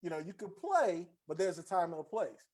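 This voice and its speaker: High-voiced man hosting a podcast. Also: very animated, fairly quick, a little mellow. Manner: storytelling, slangy, repeats himself. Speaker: podcast host. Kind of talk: casual chat.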